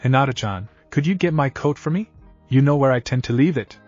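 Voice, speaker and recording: A man voicing a cheeky, confident teenage boy ninja, in a steady reading over dull lo-fi audio with faint music. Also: mid-range voice, fairly quick, natural voice. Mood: firm. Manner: smirking, casually possessive.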